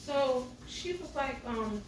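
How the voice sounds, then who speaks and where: A middle-aged woman cooks at home and spins a casual story for her viewers, addressing them directly as y'all, the way a home cooking vlogger does. Her voice is high and animated, though she takes her time. The sound is roomy and distant, with slight background noise.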